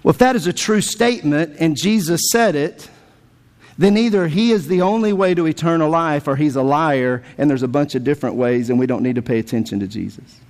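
A man preaching a sermon as pastor, emphatic, with lively swings in pitch. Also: a little fast. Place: church sanctuary. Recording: long hall reverb.

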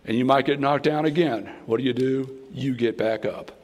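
Guest preacher, Southern man, husky and homespun, echoing auditorium. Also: mid-range voice, normal speed, a little mellow. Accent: American Southern. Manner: folksy, conversational preaching with playful voices. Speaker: guest speaker. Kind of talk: sermon. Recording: long hall reverb.

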